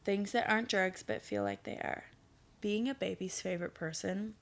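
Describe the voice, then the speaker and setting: A woman's voice: medium pitch, sing-song, normal speed, vocal fry. A woman in her thirties hosting a casual solo podcast, chatty and blunt, swearing freely and laughing at herself. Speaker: podcast host.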